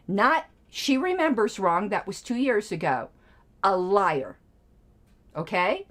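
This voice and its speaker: Combative woman host with a lively voice. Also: mid-range voice. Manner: sarcastic, combative, profane. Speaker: show host. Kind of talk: ranting live-stream monologue.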